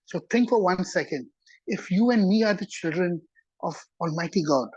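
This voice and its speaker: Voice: mid-range voice, animated, normal speed, a little mellow, husky, dry recording, lo-fi sound. A Torah teacher giving a sermon-like lesson in a conversational way, often repeating words for emphasis and checking in with the listeners.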